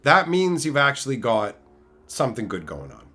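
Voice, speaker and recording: A man streaming, answering his chat and telling stories in a loud, profane, laugh-filled way. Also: mid-range voice, normal speed, soft background music. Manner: animated, profane storytelling with frequent laughter. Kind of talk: casual livestream chat.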